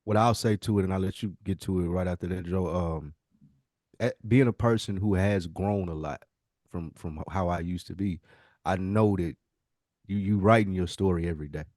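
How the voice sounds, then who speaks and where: Male co-host, very deep voice, quick, earnest and reflective, dry close mic. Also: darkish tone, no echo. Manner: earnest, reflective, speaks in repeated phrases. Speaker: podcast co-host. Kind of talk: casual podcast talk.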